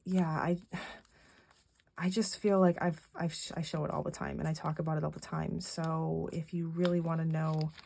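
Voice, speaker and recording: A woman's voice: deep voice, little pitch movement, normal speed, gravelly, a little mellow. A middle-aged woman, rambling through a casual monthly recap vlog with lots of fillers and restarts. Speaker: vlogger.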